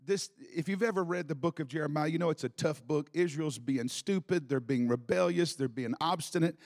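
A male preacher giving a live sermon in a church, moving from quiet teaching to shouted exhortation. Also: on the high side, brisk. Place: church in Alabama.

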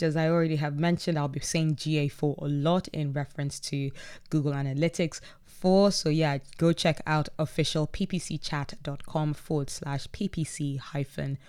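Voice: mid-range voice, darkish tone, clear, resonant tone. A podcast host recapping an online chat in a casual, upbeat way, reading out posts from participants with frequent laughs and self-corrections.

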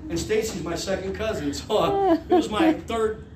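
A man in his fifties, a pastor telling a story from his past in a sermon, animated, laughing and shouting out the lines he quotes. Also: high-pitched, normal speed, over a noisy crowd. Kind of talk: sermon testimony. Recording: echoey room with faint ambience.

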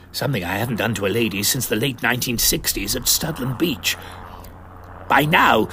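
A man with an English accent narrating a comic story as a pompous elderly gentleman adventurer who uses posh, old-fashioned slang. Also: medium pitch, slight background noise. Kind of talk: comic first-person narration.

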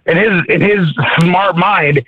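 A podcast co-host from Maryland, USA, pitched high and speaking slowly, tells a story in casual chat with no room sound. It's rambling and profane, packed with fillers and restarts, and the audio is tinny, phone-like, and dry.

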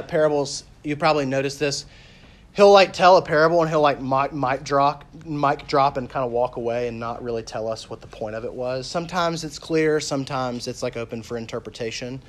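A man preaching a sermon as a pastor, talking casually with lots of "like" and "you know", and reading scripture slowly and softly. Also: mid-range voice. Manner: conversational, with fillers like "like" and "you know".

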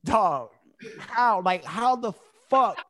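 A high-pitched male co-host laughing so hard he is in tears. He blurts out profane, breathless exclamations between the laughs. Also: animated, normal speed. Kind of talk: casual reaction chat.

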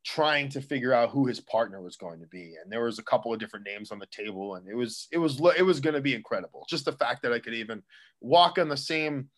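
A man, a professional wrestler, talking as an interview guest in an excitable, rambling way, restarting his sentences often. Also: mid-range voice, fast talker. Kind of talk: casual interview chat.

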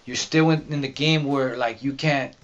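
A man in a casual podcast chat, talking in a mid-pitched voice with frequent halting restarts and loose swearing. The audio is dull and lo-fi. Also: steady tone, soft background music. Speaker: podcast guest, rapper. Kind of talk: casual sit-down interview.

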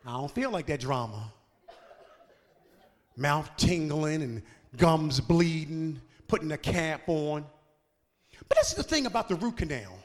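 A man, a pastor, preaching a sermon that swings from shouted, sung climaxes to quiet, conversational asides. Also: fairly high pitch, expressive, a little slow, pauses often, in a large hall. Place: church sanctuary.

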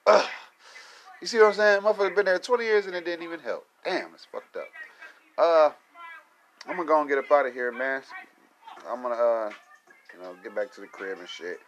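A man's voice: fairly high pitch, animated, brisk, long pauses, a bit bright, slight background noise. A young adult man, ranting casually to his viewers with lots of swearing and laughter. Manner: profane, rambling, laughs often. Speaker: vlogger.

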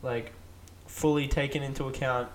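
A man co-hosting a podcast, chatting casually and jumping in with quick reactions. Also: medium pitch, level tone, a little hiss or hum. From Australia. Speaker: podcast co-host. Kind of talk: casual chat.

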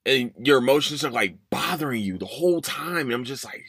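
A man's voice: medium pitch, lively intonation, a little fast, hardly any pauses, fairly bright tone, breathy edge. A young man hosting a podcast, rambling through a personal story, cursing and apologizing for it. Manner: rambling, curses and apologizes, voices his own past thoughts. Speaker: podcast host. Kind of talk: casual storytelling.

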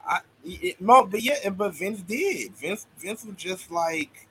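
Lively, bright-voiced joking man. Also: high-pitched, unhurried, slight background noise, low-quality recording. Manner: joking, animated, stumbles and repeats words. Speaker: podcast co-host. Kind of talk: casual wrestling chat.

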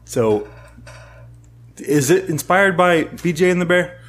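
A man's voice: sits high, lively intonation, slow pace, slight background noise. Easygoing male podcast host. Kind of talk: casual interview.

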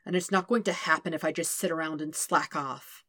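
A woman's voice: sits low, fairly even intonation, a little fast, a bit bright, no echo, clean studio sound. A woman reading a fan podcast story, voicing a brooding teenage boy prince who berates himself in a strained, tense voice. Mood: sullen.

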